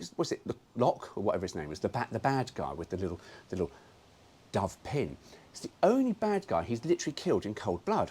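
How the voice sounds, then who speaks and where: A man's voice: on the low side, darkish tone, husky. A man hosting his own car video, chatting casually with cheeky, sweary jokes. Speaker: car vlogger.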